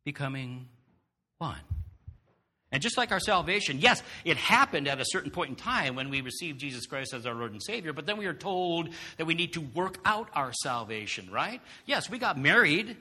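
Preacher man, bright and husky, lively pitch, long hall reverb. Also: normal speed. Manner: animated, asks the congregation rhetorical questions. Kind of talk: sermon.

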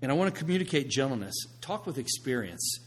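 A man preaching a sermon, swinging from hushed, quiet passages to loud, emphatic ones. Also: medium pitch, big pitch swings, fast, husky. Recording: long reverb of a large hall.

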